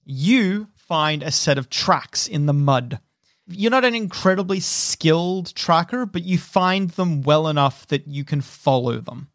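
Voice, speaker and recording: A man narrating as game master in a tabletop role-playing game, unhurried and descriptive, with frequent restarts. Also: on the high side, lively intonation, fairly bright tone, no room sound, clean studio sound.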